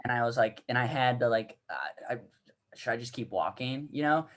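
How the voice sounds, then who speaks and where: A man's voice: medium pitch, lively intonation, moderate pace. A man co-hosting a comedy podcast, rambling through a casual anecdote with lots of restarts. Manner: rambling, restarts, laughs through his stories. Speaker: podcast co-host.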